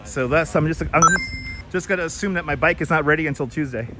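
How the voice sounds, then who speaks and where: This is a very noisy outdoor clip of a man streaming a casual walking tour through city streets. His voice is fairly high and a little fast as he talks and greets viewers by name into a wireless clip-on mic.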